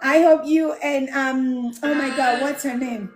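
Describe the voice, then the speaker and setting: A woman's voice: sits high, fairly even intonation, measured pace, music in the background. A woman hosting a casual livestream, chatting with viewers, reading out their comments and greeting them by name with plenty of laughter. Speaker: livestream host and home care business mentor.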